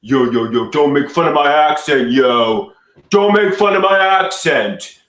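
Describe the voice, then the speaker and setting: A man's voice: mid-range voice, expressive, moderate pace, roomy sound, lightly acted. A man putting on a clumsy fake tough-guy Brooklyn voice, cocky and repetitive. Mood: swaggering.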